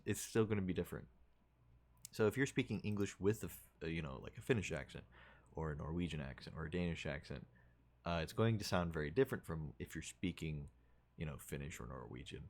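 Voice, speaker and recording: A man with a very low, deep voice chats casually with his stream audience. He rambles and thinks out loud, full of fillers, restarts and trailing asides. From United States. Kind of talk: casual chat with viewers.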